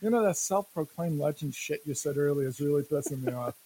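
A man co-hosting a casual sports podcast, talking in animated, jokey rants and laughing often. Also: a little high, fairly quick, slight background noise, poor audio. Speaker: podcast co-host.

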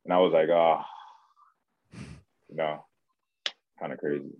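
A man in a casual chat who talks haltingly and repeats himself. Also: rumbling low, level tone, dry recording, narrow, tinny audio.

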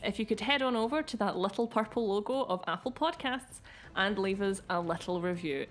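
Scottish female co-host, friendly and relaxed, middle pitch, conversational delivery. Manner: friendly, easy-going, laughs along. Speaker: podcast co-host. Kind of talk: casual chat.

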